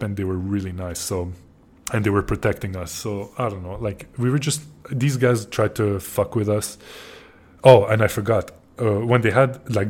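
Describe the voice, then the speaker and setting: A man casually telling a story on a podcast, swearing often and restarting his sentences as he gets worked up. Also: fairly low pitch. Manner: profane, excitable, frequent restarts. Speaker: podcast host.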